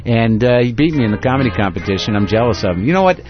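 A man's voice: medium pitch, big pitch swings, racing, over music. Rambling sarcastic male radio host, lo-fi. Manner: rambling, sarcastic, restarts often. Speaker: radio talk show host. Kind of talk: casual radio banter.

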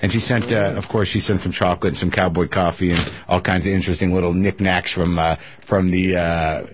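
A man's voice: deep voice, steady tone, brisk, background noise. A man hosting a talk radio show, chatting casually and joking with plenty of fillers and restarts. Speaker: radio host. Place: radio studio. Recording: dull lo-fi radio broadcast.

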